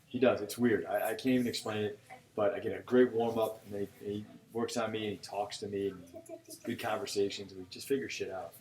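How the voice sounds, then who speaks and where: A man's voice: fairly low pitch, steady tone, quick pace, a little mellow. A middle-aged man, co-hosting a casual podcast, rambling through stories and acting out what people said, with plenty of swearing. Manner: rambling storyteller, profane, quotes people in dialogue. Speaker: podcast co-host. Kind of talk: casual chat. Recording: roomy echo, mic set back, faint noise.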